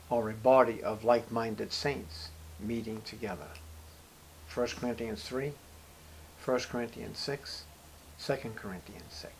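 A man's voice: mid-range voice, slight background noise. A man preaching a sermon. He acts out short bits of dialogue and repeats words for emphasis.

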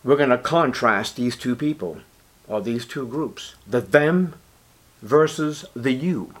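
A man's voice: mid-range voice, lively intonation, slow. A man preaching a Bible sermon, emphatic and dramatic, sometimes dropping to a whisper. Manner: emphatic, drops to a whisper for quoted lines.

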